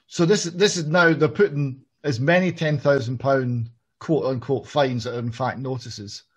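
A man from Scotland, hosting an interview and speaking in a measured, analytical way. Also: mid-range voice, breathy edge. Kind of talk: political interview. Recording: muffled lo-fi audio.

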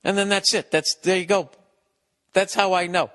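A man rambles through a solo podcast, sarcastic and full of swearing. His voice sits a little high for a man, and he keeps slipping into mocking impressions of other people. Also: normal speed. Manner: profane, sarcastic, animated ranting with mocking impressions. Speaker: podcast host.

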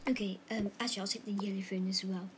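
A woman voicing a bossy, dismissive rich mother in a toy role-play, speaking hushed and half-whispered. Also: medium pitch, fairly even intonation, fast talker, very noisy, pitched below the performer's own voice, lightly acted.

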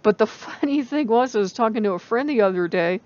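A woman with a rural American country accent, rambling and animated in a casual spiritual vlog, laughing often. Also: a little high, fairly quick. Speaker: channel host. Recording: dull lo-fi recording.

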